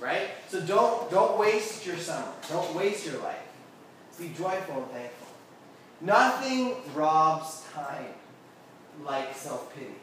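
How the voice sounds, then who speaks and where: A man with a high-pitched, slightly bright voice gives a casual, interactive sermon to a youth group, constantly checking in with listeners. Recorded with a distant mic in a very echoey, air-conditioned room, with a little hiss or hum.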